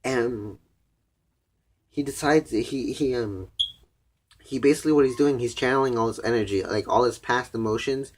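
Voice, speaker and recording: A man's voice: medium pitch, moderate pace, long pauses, a little hiss or hum. A young man casually recapping an anime episode, rambling with lots of "like" and frequent swearing. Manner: rambling, profane, heavy use of "like". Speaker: anime reviewer.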